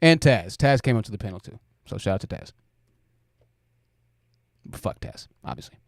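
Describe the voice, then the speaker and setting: A man's voice: fairly low pitch, sing-song, normal speed, vocal fry, no echo, clean studio sound. A man hosting a livestream, giving blunt commentary and talking straight to his chat. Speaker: host.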